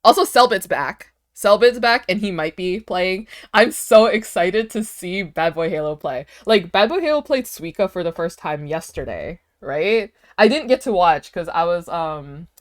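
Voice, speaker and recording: Streaming from home, a woman in her twenties chats casually and excitedly with her viewers, dropping "like" constantly. Her voice is on the lower side.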